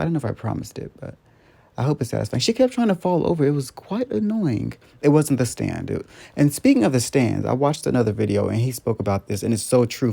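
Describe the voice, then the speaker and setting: A man's voice: medium pitch, gravelly, mellow. A young man in casual voice-over, rambling chattily through a doll restyle with lots of ums and likes.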